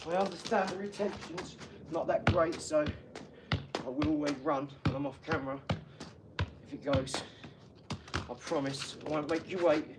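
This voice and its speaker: A man's voice: a little high, fairly even intonation, normal speed, long pauses, heavy background noise. A man hosting a casual live stream from his garage, talking in a hyped, slangy way and calling his viewers "dog" and "mate". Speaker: livestream host. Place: home garage.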